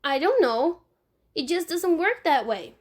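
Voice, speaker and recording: A woman's voice: sits high, sing-song, a little slow, voice pushed up. A woman reading aloud and voicing a bossy, self-assured young girl who insists on being in charge. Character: bossy know-it-all young girl babysitter.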